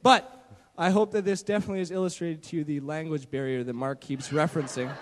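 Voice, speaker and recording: A man telling a mission trip story to a church gathering on a handheld mic, in a lively way with lots of fillers and restarts. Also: fairly high pitch, fast, big-room sound, a little hiss or hum. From Canada. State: shaky from not eating. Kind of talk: church testimony talk. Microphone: handheld microphone.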